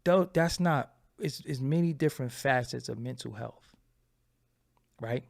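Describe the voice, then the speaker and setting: A man speaking candidly to his audience, telling a personal story in a halting, profane way with many repeated phrases. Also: medium pitch, creaky. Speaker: channel host.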